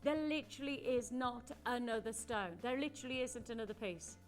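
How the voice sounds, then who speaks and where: Gushing high-voiced shopping presenter. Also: female voice, fairly quick, faint music behind. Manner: gushing, chatty and persuasive. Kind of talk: live home shopping sales pitch.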